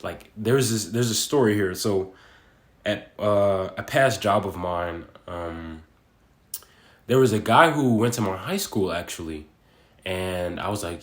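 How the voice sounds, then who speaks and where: Low-voiced young man rambling casually. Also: unhurried, reverberant. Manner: rambling, slangy, full of fillers like "bro" and "like". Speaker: vlogger. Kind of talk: casual monologue.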